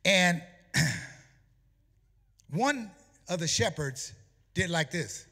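A male pastor preaching a sermon in a church, emphatic and animated, sometimes half-singing his phrases. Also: high voice, drawn-out words, big-room sound. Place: church sanctuary.

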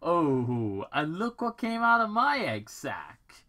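A gloating, arrogant mad scientist villain , as a man reading a fan story puts him on. He speaks higher and louder than a plain speaking voice, with a bright, theatrical bite as he lords it over everyone. Smug and commanding throughout. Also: huge pitch swings, slow pace, full character voice.

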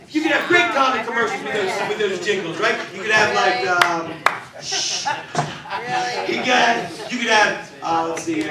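An older man works a stand-up set with a high, punchy voice and a mock-indignant edge. He sounds set back from the mic, his voice ringing around a big theater, with loud audience laughter behind him. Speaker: stand-up comedian. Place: large theater stage. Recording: echoey theater from a distance.

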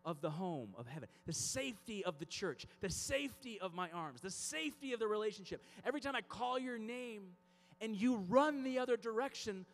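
A man voicing God as a patient, fatherly male figure, speaking in a hushed, tender tone during a youth talk. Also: high-pitched, animated, a little fast, long reverb tail, pitched above the performer's own voice. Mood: pleading.

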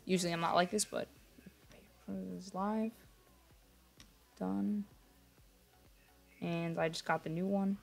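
Slow and gravelly yet high-pitched, with fairly even intonation, this young gamer pauses often as faint music plays behind him. He chats absentmindedly with his stream, says sorry a lot and at times speaks quietly to stay hushed.

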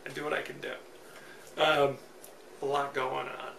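A man's voice: medium pitch, level tone, a little slow, gravelly, bright, forceful tone. A man hosting a solo podcast, giving chatty, joking, opinionated movie commentary. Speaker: podcast host. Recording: roomy, distant mic, faint noise.

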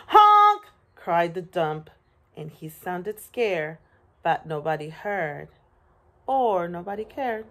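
A woman teacher at home reading a children's picture book aloud, expressive and playful, making animal and truck sounds. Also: lowish voice, takes it slowly. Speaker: preschool teacher.

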